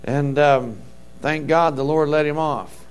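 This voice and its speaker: A man's voice: fairly high pitch, steady tone, a little slow, clear, resonant tone. A middle-aged man preaching a sermon as a pastor, telling stories with fervent interjections of praise.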